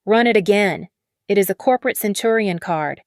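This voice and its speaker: A woman's voice: medium pitch, moderate pace, no echo, studio quality, lightly acted. A woman voicing a drunk, furious tycoon husband who snaps and roars. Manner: shouting, snapping, roaring.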